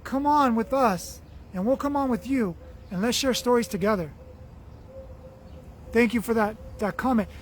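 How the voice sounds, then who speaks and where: A man with a very high voice hosts a spiritual livestream, earnest and affectionate, circling back on his phrases. His voice is wearing thin as he talks, with a faint noise underneath. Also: normal speed, long pauses. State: losing his voice. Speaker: livestream host reading viewer comments. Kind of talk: spiritual motivational livestream talk.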